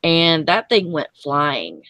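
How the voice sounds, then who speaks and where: A woman's voice: low voice, very animated, slow, a bit bright, slight background noise. A woman chatting casually in a group, reacting with exclamations and telling short stories.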